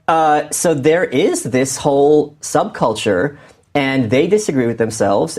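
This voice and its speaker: A male author as a guest in an interview, talking in an animated way and acting out quotes as he tells stories. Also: medium pitch. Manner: animated, quick storytelling with acted-out quotes. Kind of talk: interview conversation.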